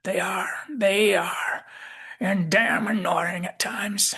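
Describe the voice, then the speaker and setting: A man's voice: high voice, fairly even intonation, takes it slowly, creaky, sharp tone, breathy edge, voice pushed up, exaggerated voice. A man voicing McCoy, a cantankerous, ancient male admiral with a folksy Southern drawl. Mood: fond.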